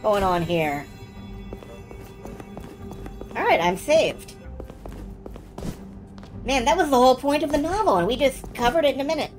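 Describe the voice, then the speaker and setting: A woman's voice: high voice, lively intonation, normal speed, faint music behind. A woman streaming a video game, chatting in amused asides as she plays. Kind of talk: let's play commentary.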